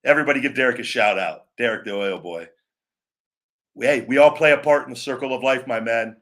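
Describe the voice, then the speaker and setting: A man's voice: mid-range voice, fairly quick, fairly bright tone. A man hosting a live show, talking casually in a rambling way with many restarts and asides to viewers. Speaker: show host. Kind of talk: casual live-stream chat.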